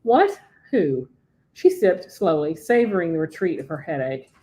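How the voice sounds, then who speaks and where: A woman author reading aloud from her own novel at home as a podcast guest, after a relaxed, chatty setup. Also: low-pitched, moderate pace.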